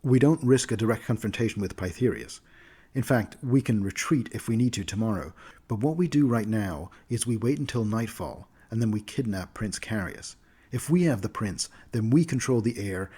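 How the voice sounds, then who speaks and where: A persuasive young noble trying diplomacy, voiced by a man. The delivery is earnest, low and husky, with a dark tone. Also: moderate pace.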